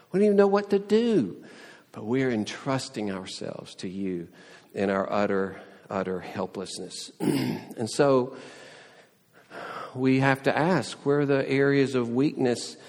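A man's voice: medium pitch, darkish tone, big-room sound. A man preaching a sermon in an earnest, conversational way, often quoting prayers and scripture. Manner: earnest, with frequent restarts and quoted prayers. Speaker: pastor.

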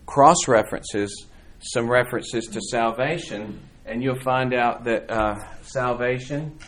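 A man with a medium-pitched voice speaks slowly while teaching an informal church Bible class. His style is conversational and rambling, with many restarts and fillers.

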